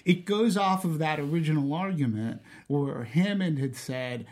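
A man talks through a film in a loose, animated podcast chat. His voice sits a little high for a man, and he stops and restarts his sentences as he works out his thoughts. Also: moderate pace, hardly any pauses. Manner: animated, thinks aloud with many restarts. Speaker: podcast co-host. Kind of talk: casual film discussion.

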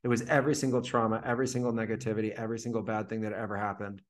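Interviewed on a podcast, a man casually tells a long personal story in a racing, flat delivery with a fairly low pitch. His vivid retelling is packed with "like" fillers.

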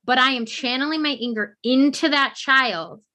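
A woman co-host in her thirties talks frankly in a casual podcast. Her voice sits a little high with a bright, forward tone. She acts out little quoted scenes as she explains. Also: normal speed. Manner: candid, acts out quoted examples.

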